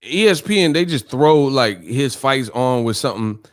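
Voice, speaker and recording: A man's voice: medium pitch, animated, normal speed, no echo, clean studio sound. A man hosting a live stream, ranting casually in a profane, exasperated way and laughing often. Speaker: streamer host.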